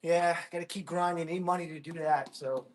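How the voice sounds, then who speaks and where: Excitable high-voiced American man streaming. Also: a little fast, slight background noise. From United States. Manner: excitable, thanks viewers, whoops. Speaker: livestream host. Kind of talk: casual livestream chat.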